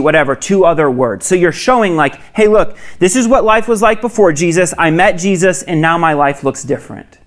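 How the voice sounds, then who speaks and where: Male pastor, slightly high pitch, casual earnest sermon delivery with conversational asides.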